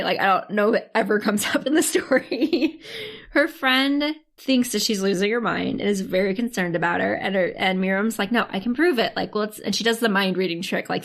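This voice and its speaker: A woman's voice: mid-range voice, gravelly. Laughing woman recapping a show. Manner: animated, laughs often, acts out quotes. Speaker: podcast co-host. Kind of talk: casual chat recapping a show.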